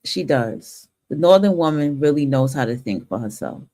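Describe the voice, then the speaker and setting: A woman's voice: a bass voice, lively intonation, normal speed, warm tone. A woman from the northern United States hosting a talk stream and giving a blunt, profane opinion monologue, often restarting her sentences.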